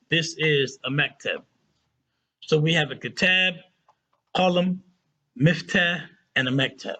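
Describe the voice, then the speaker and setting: A man's voice: on the high side, fairly bright tone, breathy edge. Chatty man teaching a lesson, dull recording. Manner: chatty, checks in often with "right?" and "okay?"; slows down to spell out Arabic words. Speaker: Arabic teacher. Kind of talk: casual classroom lesson.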